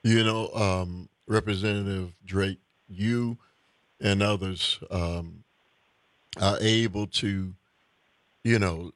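Low-voiced male radio host, dry sound. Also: steady tone, a bit bright, no echo. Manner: measured, with many pauses and restarts. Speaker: radio talk show host. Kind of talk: call-in talk radio discussion.

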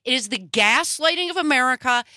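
A woman's voice: high voice, lively intonation, fairly quick, pushed and bright, dry recording. A woman co-hosting a political talk show, speaking in an indignant, emphatic, sarcastic way. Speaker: co-host.

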